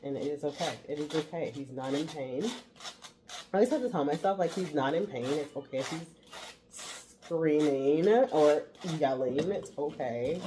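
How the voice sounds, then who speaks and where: A woman's voice: sits low, moderate pace, background noise. A woman in her forties, a mother, chatting casually to the camera while she makes breakfast at home. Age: 40s. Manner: chatty, talks while cooking. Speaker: vlogger mother. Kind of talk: casual vlog talk. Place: home kitchen. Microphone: camera set on the counter.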